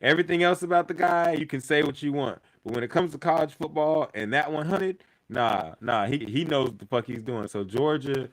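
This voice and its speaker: A man's voice: a little high, brisk, hardly any pauses, rough recording. A man co-hosting a sports podcast, arguing his point emphatically in a casual debate, repeating himself for effect and swearing freely. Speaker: podcast co-host.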